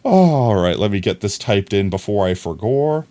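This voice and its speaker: A man's voice: lowish voice, expressive, normal speed, warm tone. A man streaming live, chatting casually with his viewers in a playful, joking way. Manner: playful, joking, chuckles often.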